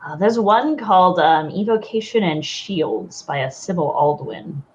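A woman game master narrates a tabletop role-playing session at an unhurried pace. Her pitch rises and falls a lot as she describes what the players see, with plenty of ums and likes. The sound is a bit dull and lo-fi. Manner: relaxed, halting narration full of fillers.

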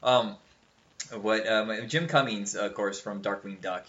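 A man's voice: lowish voice, measured pace, a bit bright. A man co-hosting a podcast in casual chat, rambling and swearing, often breaking into goofy cartoon impressions. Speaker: podcast co-host. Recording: dull lo-fi sound.

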